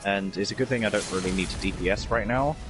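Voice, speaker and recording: A man's voice: lowish voice, quick pace, music in the background. A man co-hosting a casual gaming stream, rambling through explanations with filler words. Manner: rambling explainer, says "heckin'". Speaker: streamer co-host.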